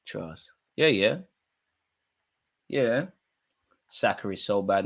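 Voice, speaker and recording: At a slow pace, a young man runs a live football watch-along, his slang-filled commentary excitable as he moves from loud outbursts down to low mutters.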